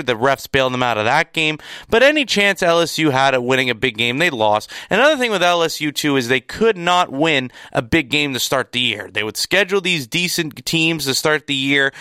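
A man's voice: fairly high pitch, sharp tone, smooth, dry recording, studio quality. A young man giving an opinionated sports recap, emphatic and exasperated, repeating words to drive home his points. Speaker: sports commentator.

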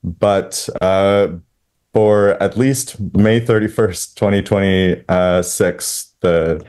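Deep-voiced man, halting and full of fillers. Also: fairly even intonation, a little mellow, clean tone. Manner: hesitant, with many fillers. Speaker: union representative. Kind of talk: interview answer.

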